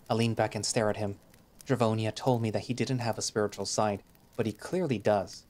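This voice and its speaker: A man's voice: fairly low pitch, fairly even intonation, brisk, darkish tone. A man giving first-person, reflective narration of a visual novel.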